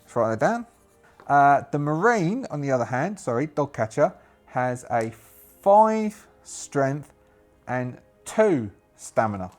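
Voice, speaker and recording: A British man narrating a solo tabletop game as its game master, hesitant and thinking aloud with frequent fillers and restarts. His pitch sits in an ordinary middle range, and faint music plays behind him. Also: very animated, takes it slowly, darkish tone. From Britain.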